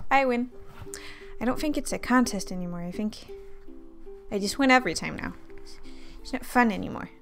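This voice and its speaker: A woman's voice: mid-range voice, fairly bright tone. Young woman, casual unboxing chat, playful, sarcastic asides, faint guitar music behind. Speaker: art supply unboxing vlogger.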